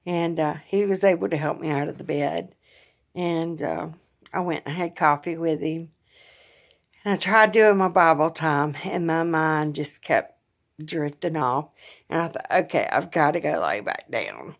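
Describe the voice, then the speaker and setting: A middle-aged woman, talking in a casual personal vlog, tired and in pain, speaking softly and haltingly with sighs. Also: sits low, fairly even intonation. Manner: soft, halting, with frequent sighs and pauses. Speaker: vlogger.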